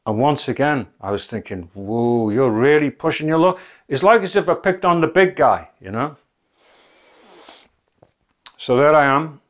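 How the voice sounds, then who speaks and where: A middle-aged man telling his own spiritual testimony in an earnest, conversational way, full of "you know" asides. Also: medium pitch. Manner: earnest and conversational, many you-knows, rising to near-shouting when reliving anger. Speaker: speaker giving a spiritual testimony. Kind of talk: personal testimony storytelling.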